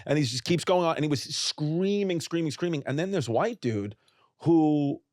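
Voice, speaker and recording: A man's voice: a little high, animated, normal speed, a little mellow, no echo, clean studio sound. A man in his late thirties, a comedian guest on a podcast, telling rambling, jokey stories in casual chat. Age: 30s.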